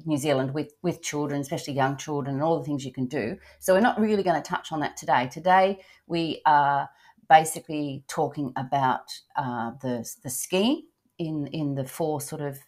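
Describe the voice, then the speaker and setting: A woman's voice: low voice, normal speed, a little mellow. Chatty older woman podcast host. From Australia. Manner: chatty, upbeat, frequent fillers and restarts. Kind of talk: casual travel podcast chat.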